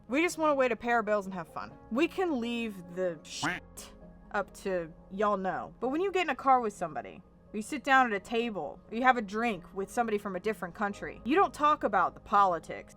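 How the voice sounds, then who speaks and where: A woman's voice: a little high, big pitch swings, fairly quick, a bit bright, soft background music. A young American woman telling a story to camera in a casual vlog, emphatic and swearing freely. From United States. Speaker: vlogger.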